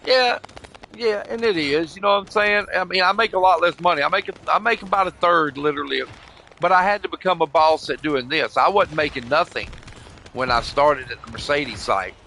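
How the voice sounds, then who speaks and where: A man's voice: fairly high pitch, brisk, bright, forceful tone, slight background noise. An older man telling a long, rambling, emotional story in casual chat, swearing often and saying "bro" and "you know what I mean" again and again. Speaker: gamer chatting on voice chat.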